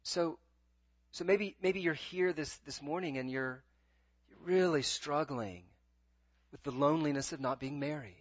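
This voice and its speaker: A man preaching a sermon in a slightly high voice, earnest and pleading. He often trips over his words and restarts a phrase, repeating it as he presses on. The sound is dry and a bit muffled, like a lo-fi recording. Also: a little slow, no room sound. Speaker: pastor.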